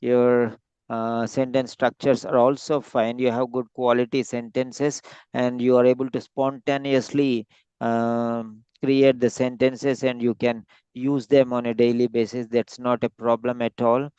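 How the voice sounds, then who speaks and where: A man coaching a student, giving rambling spoken feedback with many pauses, heard through dull lo-fi audio. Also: medium pitch, level tone, a little mellow, clean tone, no room sound. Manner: rambling, many fillers and restarts. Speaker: speaking coach. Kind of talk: spoken feedback on a practice exam.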